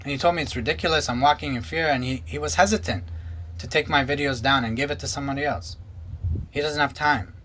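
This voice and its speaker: A man's voice: quick pace, sharp tone, slight background noise. A man, a former pastor, giving an earnest and emotional personal testimony. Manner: earnest, emotional, quotes others in lowered voice. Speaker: former pastor and ministry co-founder.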